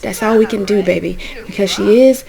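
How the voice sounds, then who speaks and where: A woman voicing a husband character in a life-sim story who gently reassures his wife. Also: mid-range voice, fairly quick, creaky, natural voice, poor audio. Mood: soothing. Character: calm, soothing young stepfather.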